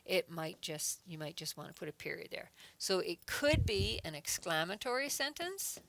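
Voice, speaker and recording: Woman, adult education teacher, patient step-by-step explaining, gravelly, low-pitched. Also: big pitch swings, moderate pace, a bit bright, dry recording. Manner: patient, explains step by step, reads example sentences aloud with emphasis. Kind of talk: online grammar lesson.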